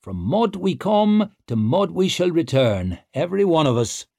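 A man's voice: on the high side, sing-song, a little slow, vocal fry, a little mellow, no room sound, pitched above the performer's own voice, heavily acted. A man doing a wry, weary old warrior. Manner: dry and world-weary.

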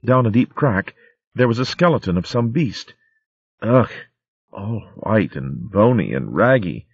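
A man's voice: on the low side, very animated, a little slow, breathy edge, no echo, highs cut off, voice pushed up, heavily acted. A man doing a weary little hedgehog girl. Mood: wary. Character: young hedgehog maid, weary, frightened girl.

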